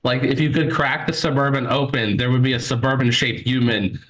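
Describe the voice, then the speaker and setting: A man's voice: mid-range voice, fairly even intonation, a little fast, fairly bright tone, poor audio. A young man doing a live stand-up set, telling rambling stories with crude asides. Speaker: stand-up comedian. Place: comedy club stage.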